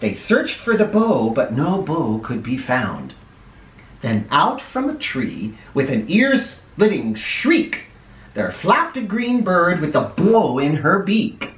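A man reading a children's picture book aloud in a playful, animated way. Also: on the high side, takes it slowly. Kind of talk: read-aloud storytelling for kids. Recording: echoey room, mic at a distance.

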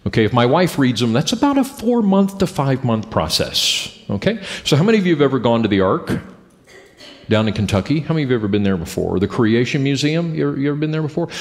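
A middle-aged man preaching a sermon as pastor, talking in a lively, conversational way and putting questions to the congregation. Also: mid-range voice, fast talker. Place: church sanctuary with congregation. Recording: long church hall reverb.

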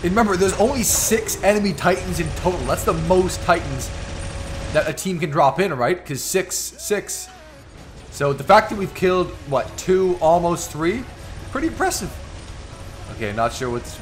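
A man giving excitable live commentary over his own gameplay, teasing and taunting the opponents as he plays. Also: high voice, moderate pace, soft background music. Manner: excitable, trash-talking the enemies. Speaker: gaming YouTuber.

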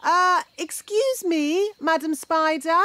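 A woman's voice: very high-pitched, slow, a bit bright, exaggerated voice. A woman voicing a bossy, blunt fairy nanny in a children's cartoon, lecturing and rudely frank. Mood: instructive. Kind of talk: cartoon voice acting.

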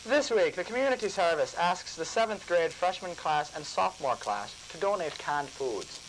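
A man's voice: sits high, lively intonation, moderate pace, slight background noise, poor audio. A man on a school morning show reading announcements and joking around in a put-on Irish style. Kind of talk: reading announcements with comic banter.

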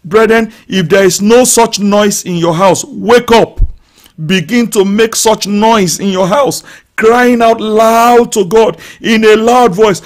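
Man, pastor, high-pitched voice, fervent live sermon, shouts and loud prayer, speaks in tongues. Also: takes it slowly. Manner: speaks in tongues and prays aloud over listeners.

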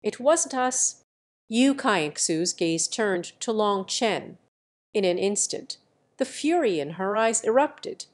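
A woman narrating a translated fantasy novel in a steady, even reading style. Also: medium pitch, takes it slowly. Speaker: audiobook narrator.

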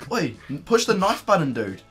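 A man's voice: mid-range voice, expressive, fast, over music. A young man hosting a gaming video, giving casual, profane, joking commentary while he plays.

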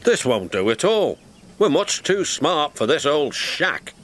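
A man's voice: on the high side, sing-song, measured pace, fairly bright tone, voice pushed up. A man voicing a haughty, boastful steam engine who grumbles and scorns everything around him. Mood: scornful. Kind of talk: storybook character voice. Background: music score.

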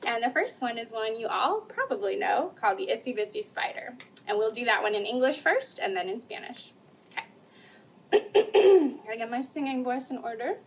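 A woman's voice: a little high, very animated, moderate pace, gravelly, distant mic, slight background noise. A young woman children's librarian leading a bilingual story time, reading aloud and singing nursery songs with frequent laughter. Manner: cheerful, laughs often, sings nursery songs.

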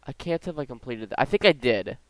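A teenage American man giving jokey, excitable commentary as a gaming streamer. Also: mid-range voice, brisk, dry recording. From United States. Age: late teens. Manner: excitable, jokey, with sudden yelps and laughs. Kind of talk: let's-play commentary.

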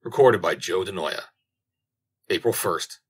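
Low, husky male storyteller. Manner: measured storytelling reading. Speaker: audiobook narrator. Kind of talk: scripted fairy-tale narration. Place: home recording.

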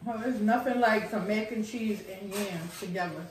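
A woman's voice: mid-range voice, normal speed, background noise. A woman chatting easily while eating on a food review show, teasing her friend. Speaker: co-host. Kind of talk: casual mukbang chat. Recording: very echoey room, mic at a distance.

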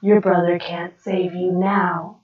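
Girl doing a smug cruel demon guy, lower and louder than her usual, slow mocking drawl, dull lo-fi audio. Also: level tone. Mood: menacing. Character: gloating male dream demon possessing a boy.

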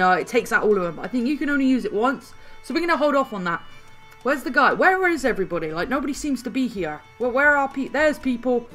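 Excitable woman commentating a game. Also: fairly high pitch. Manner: excitable, shouts and repeats words at setbacks. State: slightly hoarse. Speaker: gaming channel host. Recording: faint background music.

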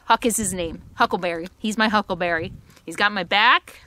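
A woman's voice: medium pitch, fairly quick, pushed and bright, no room sound. A woman vlogging casually from her RV, chatty with frequent laughter and doting puppy talk. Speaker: full-time RV vlogger. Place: inside an RV.

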